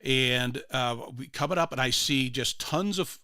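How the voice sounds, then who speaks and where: A man's voice: mid-range voice, unhurried, bright, forceful tone, clean tone, dry recording, clean studio sound. An older man hosting a morning radio show, telling a rambling story full of restarts and fillers. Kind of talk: casual radio chat.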